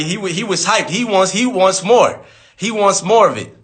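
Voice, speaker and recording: A man's voice: high voice, moderate pace, fairly bright tone. A man in his thirties on a live stream, talking casually and telling a story with lots of swearing and acted-out quotes. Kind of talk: casual livestream talk. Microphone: phone on a live stream.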